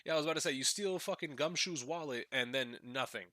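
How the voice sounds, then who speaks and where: A man's voice: a little high, quick pace, dry recording, studio quality. A man giving crude, joking commentary as host of a game playthrough. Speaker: let's play host. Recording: loud game music behind.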